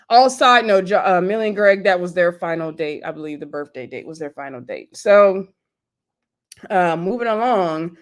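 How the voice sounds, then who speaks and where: Chatty woman gossiping through a reality show recap. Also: fairly low pitch. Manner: chatty, gossipy, animated with emphatic asides; loose slangy speech addressing viewers as y'all. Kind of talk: casual chat recap.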